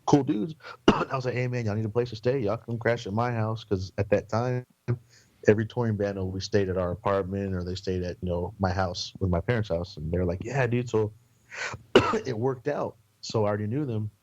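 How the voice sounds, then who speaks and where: A man's voice: lowish voice, brisk, darkish tone, highs cut off. A man from San Antonio, a podcast guest, telling casual, rambling road stories with plenty of swearing and quoted voices. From San Antonio, Texas. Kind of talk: casual storytelling.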